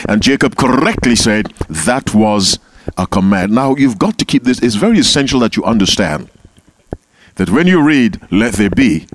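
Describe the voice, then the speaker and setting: A man leading an interactive Bible class, calling on members by name and repeating key phrases. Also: mid-range voice. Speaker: Bible teacher.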